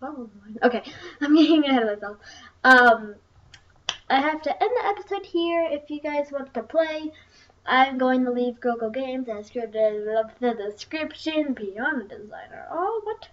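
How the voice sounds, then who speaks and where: A woman's voice: high-pitched, expressive, moderate pace. A young woman casually commenting on browser games as she plays, chatty and wandering, with many ums. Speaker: gaming channel host. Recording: distant, dull lo-fi mic with faint music. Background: faint game music.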